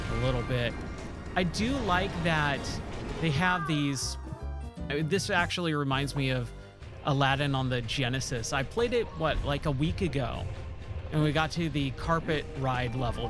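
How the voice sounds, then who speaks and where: A man from southern California chatting casually as a stream host while gaming, rambling with lots of fillers and answering chat. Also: medium pitch. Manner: rambling, filler-heavy, reads chat aloud.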